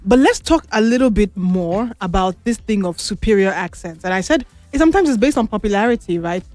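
A woman's voice: mid-range voice, a little fast, no echo, soft background music. Chatty woman radio host. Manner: chatty and animated, laughs often, asks questions. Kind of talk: casual radio talk show. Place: radio studio.

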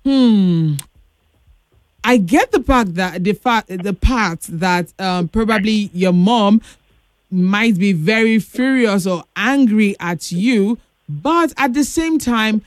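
A woman hosts a relaxed advice chat with a playful, affectionate manner, often breaking into laughter. She speaks slowly and unhurriedly at a middle pitch. Her voice sounds close and dry, with no room echo. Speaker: host.

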